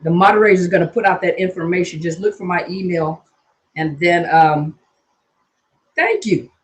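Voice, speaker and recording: A woman's voice: fairly low pitch, moderate pace. A woman counselor from Washington state chatting casually on a phone livestream from her hot home, greeting viewers by name in loose colloquial talk. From Washington state, USA. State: hot and sweaty.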